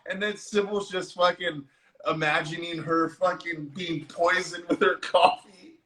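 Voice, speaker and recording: A man co-hosting a casual movie discussion, excitable, laughing and swearing freely. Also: high-pitched, a little slow, poor audio. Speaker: co-host. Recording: online live stream.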